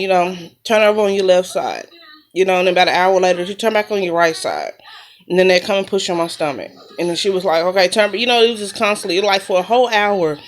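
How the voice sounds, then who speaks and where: Woman, casual storytelling, chatty, quotes the people in her story, mid-pitched voice. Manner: chatty, retelling events with quoted dialogue. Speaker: mom vlogger.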